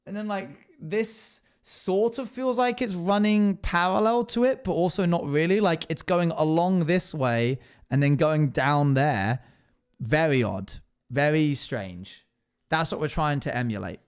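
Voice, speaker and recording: A young man live-streaming, chatting casually as he builds and thinking out loud while he answers chat. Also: a little high, a little slow, clean tone.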